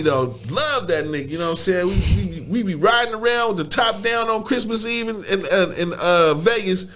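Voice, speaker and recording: A man's voice: high voice, animated, normal speed, few pauses, fairly bright tone. A man who is a guest on a podcast, telling a story in casual, profane slang, stumbling over repeated words and laughing often.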